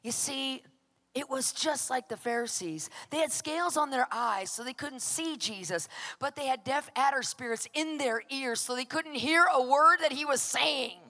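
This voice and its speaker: A woman preacher giving an impassioned, emphatic sermon with personal testimony, often pressing her points to shouted peaks. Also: high-pitched, normal speed. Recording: long hall reverb.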